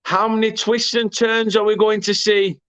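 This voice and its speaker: English male watchalong host, high tense voice, excitable play-by-play, correcting himself as he goes. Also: moderate pace, clear, resonant tone, no room sound. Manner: excitable, self-correcting, erupts at goals. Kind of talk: live match commentary.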